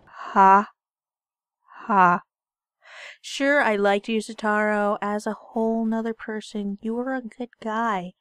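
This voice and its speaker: A woman's voice: on the high side, steady tone, moderate pace, few pauses, dry recording. A woman giving casual gaming commentary, bantering playfully and sarcastically with the character on screen. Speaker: let's play gamer.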